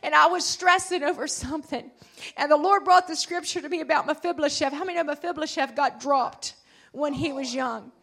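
A woman preaches a sermon in a high, bright voice. She throws her words out to the congregation with fervor, then drops to a near hush before rising again. Her delivery is full of passion. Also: brisk, creaky. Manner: impassioned, swinging between loud and hushed; calls out to the congregation.

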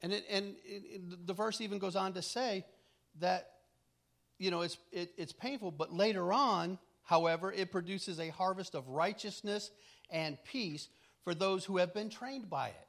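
This middle-aged man's sermon is easygoing and conversational, filled with family anecdotes, chuckles, and plenty of restarts. His gravelly voice sits high, and he speaks at a normal speed.

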